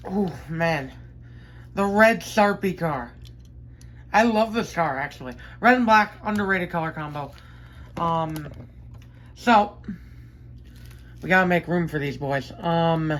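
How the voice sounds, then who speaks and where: A woman with a fairly low voice chats eagerly to her viewers from her bedroom, gushing and correcting herself as she unboxes collectibles. Her talk wanders with fillers and happy asides. A faint hiss of room noise sits under the recording. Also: low-quality recording. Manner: enthusiastic, chatty, rambling with fillers and self-corrections. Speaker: diecast collector vlogger. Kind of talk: casual unboxing chat.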